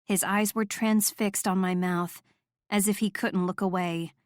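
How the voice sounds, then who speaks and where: A woman reading a first-person romance audiobook in a soft, intimate, measured voice. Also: medium pitch, fairly even intonation, no echo, clean studio sound. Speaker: audiobook narrator.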